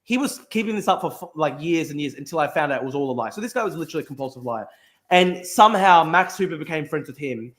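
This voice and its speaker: A young Australian man hosting a podcast, telling a story in casual chat with lots of restarts and swearing. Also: a little high. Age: young adult. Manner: rapid, animated, with frequent restarts and swearing. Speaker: podcast host.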